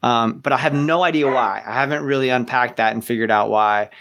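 A middle-aged man from the American South talks in a loose, rambling way, trailing off and circling back. His voice sits at an ordinary mid pitch. He chats as a guest on a casual podcast. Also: a little fast, gravelly, a bit bright. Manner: chatty, rambling, self-deprecating. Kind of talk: casual chat.

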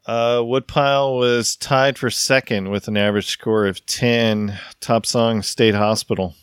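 A man's voice: medium pitch, fairly even intonation, measured pace, smooth, no room sound, clean studio sound. A man hosting a casual podcast, giving brief friendly replies and reading out scores. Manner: brief, affable acknowledgements, reads out scores. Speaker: podcast host. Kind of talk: casual chat.

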